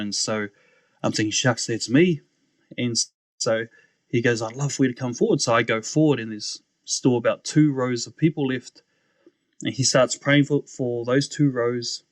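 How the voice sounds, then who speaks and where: A young man recounts his story as a podcast guest, speaking at an ordinary mid pitch. He talks casually and animatedly, mimicking the people he quotes and laughing as he goes. The sound is dry and close, with no room echo. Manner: animated, acts out quoted voices, laughs often.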